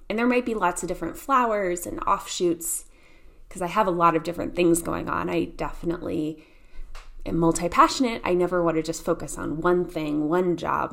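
A woman's voice: lowish voice, vocal fry. A woman from Indiana with a Midwestern accent, hosting a solo podcast in a chatty, storytelling way and laughing often. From Indiana, USA. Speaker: podcast host. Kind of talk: casual solo podcast talk.

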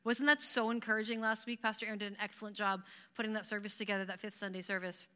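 A Canadian woman preaching a sermon to her church, chatty and animated and often laughing. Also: mid-range voice, quick pace, clean tone. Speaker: pastor.

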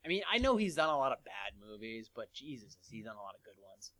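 Quick-talking male co-host, laid-back and joking, dry close sound. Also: lowish voice, sing-song, fairly bright tone, no room sound. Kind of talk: casual chat.

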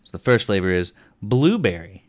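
A man hosting a casual podcast chat, laughing often and acting out quotes in animated voices. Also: lowish voice, moderate pace. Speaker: podcast host.

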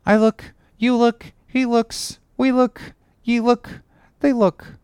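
A crazed young cabin boy chants and rambles in a sing-song, played by a woman. The voice is clean and smooth, sitting a little high, and it drifts along at a very unhurried pace. The recording is dry and close, like a storybook read in the studio. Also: level tone, a little mellow, dry recording. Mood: chanting. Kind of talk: audiobook character reading.

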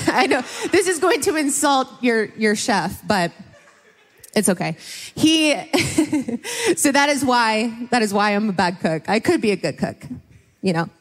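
Young woman speaker at a church service, tearful and giggly, voice a bit high, hall reverb around her. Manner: emotional, laughing, tearful. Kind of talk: Mother's Day church talk.

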